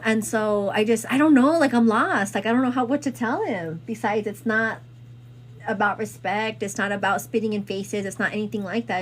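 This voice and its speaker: A woman host retelling a story in casual chat, rambling and animated, with lots of fillers. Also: medium pitch, slight background noise.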